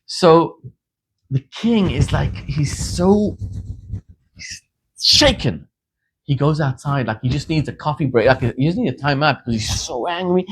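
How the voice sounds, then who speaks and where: Emphatic, animated man preaching a sermon. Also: a little high, unhurried, slightly rough. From Zimbabwe. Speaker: rabbi.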